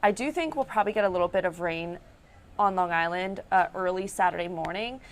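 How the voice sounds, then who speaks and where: A woman's voice: fairly low pitch, a little fast, a little hiss or hum. A woman TV news reporter with a New York accent, chatting casually on air and laughing as she tells stories.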